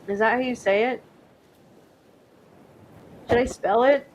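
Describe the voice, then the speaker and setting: Slow-talking chatty woman on a live stream. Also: a little high, a little mellow, dull audio, slight background noise. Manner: rambling, chatty, laughs often, tries French words. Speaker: livestream host. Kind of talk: casual live-stream chat, reading out chat.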